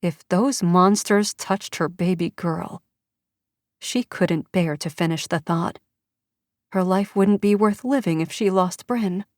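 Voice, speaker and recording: A woman narrating an audiobook in measured, even storytelling. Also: on the low side, no room sound, clean studio sound. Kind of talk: scripted narration.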